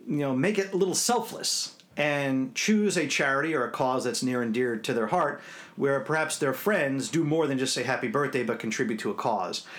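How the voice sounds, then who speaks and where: A man in his forties co-hosting a podcast, talking in an earnest, thoughtful, measured way. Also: medium pitch, a bit bright. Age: 40s. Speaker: podcast co-host. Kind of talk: casual podcast chat.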